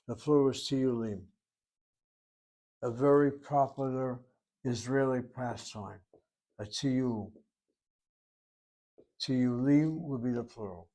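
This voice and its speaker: Male teacher, mid-range voice, patient explainer who repeats each word slowly. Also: medium pitch, a little mellow. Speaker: Hebrew teacher. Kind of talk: recorded language lesson.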